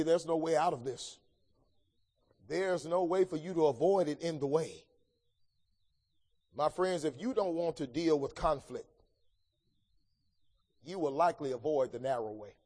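A man preaching a sermon, swinging between loud emphatic lines and hushed, low passages. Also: slightly rough, big-room sound.

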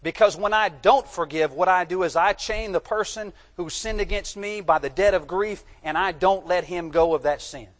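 A man delivers a sermon in a church sanctuary, his slightly high voice trailing off in the long reverb of a large hall. He reads old-fashioned scripture aloud, then breaks off to press home key words in an emphatic teaching manner. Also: moderate pace, hardly any pauses. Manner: emphatic, teaching, tells listeners to underline words. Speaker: preacher.

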